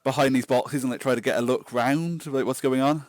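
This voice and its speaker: A man's voice: medium pitch, fairly even intonation, brisk, darkish tone, no room sound, studio quality. A man playing a tabletop game, talking hesitantly and repeating himself. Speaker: player. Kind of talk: casual game chat.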